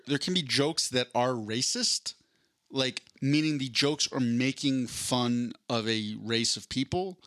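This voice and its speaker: Bright, lively man telling a story. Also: mid-range voice, no room sound, clean studio sound. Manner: animated storyteller, swears freely, quick asides. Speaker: podcast co-host. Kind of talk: casual chat, storytelling.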